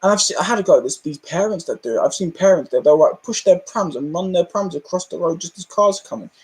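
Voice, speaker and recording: A man's voice: sits high, fast, darkish tone. A man with a British accent hosting a live stream, ranting casually, laughing often and acting out the people in his stories. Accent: British English.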